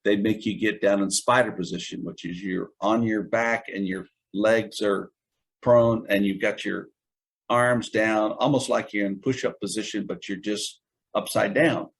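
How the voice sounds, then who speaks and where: A man's voice: lowish voice, fairly even intonation, measured pace, slightly rough. A man in his seventies, an Army veteran being interviewed, recounting old stories in a wry, chuckling way. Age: 70s. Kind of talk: casual storytelling interview.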